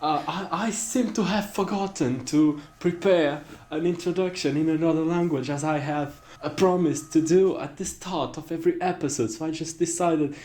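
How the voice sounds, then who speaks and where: A man's voice: a little high, normal speed, hardly any pauses, a little mellow. A man co-hosting a casual podcast, joking, rambling and swearing freely. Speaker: podcast co-host.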